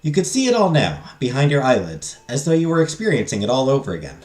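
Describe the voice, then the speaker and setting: A man's voice: mid-range voice, huge pitch swings, fast, a little mellow, soft background music. A man streaming a visual novel, reading the story text aloud and dropping crude joking asides. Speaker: game streamer. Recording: echoey room.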